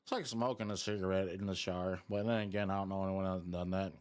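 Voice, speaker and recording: A man's voice: low voice, fairly even intonation, fast talker. A young man streaming live, chatting and rambling jokingly with his viewers while sucking a lollipop. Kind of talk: casual live-stream chat.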